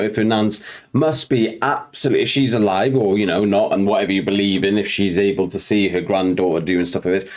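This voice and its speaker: Man co-host, low voice, reflective and rambling delivery, casual reaction talk. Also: darkish tone. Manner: thoughtful, rambling, many fillers.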